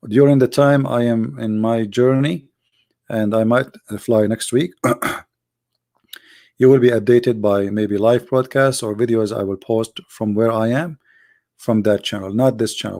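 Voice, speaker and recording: Creaky-voiced man hosting a livestream. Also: mid-range voice. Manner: animated storyteller in non-native broken English. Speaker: livestream host. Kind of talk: casual livestream chat.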